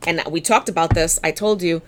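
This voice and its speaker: A woman's voice: lowish voice, fairly even intonation, brisk, a little hiss or hum. A woman giving a casual tarot reading, blunt, chatty and encouraging, often restarting her sentences. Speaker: tarot reader.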